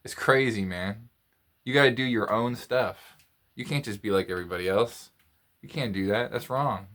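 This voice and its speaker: A man with a somewhat low voice tells a story in a loose, casual monologue. He rambles, repeats himself and often restarts his sentences. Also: normal speed, a bit bright. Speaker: podcast host.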